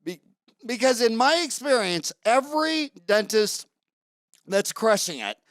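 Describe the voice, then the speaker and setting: A man's voice: very high-pitched, lively intonation, unhurried, fairly bright tone, no room sound. A middle-aged man hosting an interview, telling blunt, rambling stories in casual talk. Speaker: podcast host.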